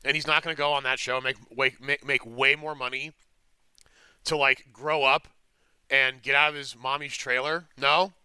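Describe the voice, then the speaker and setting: A man's voice: medium pitch, flat delivery, moderate pace, pushed and bright, clear, resonant tone, dry recording. A man talking in casual chat, incredulous and mocking.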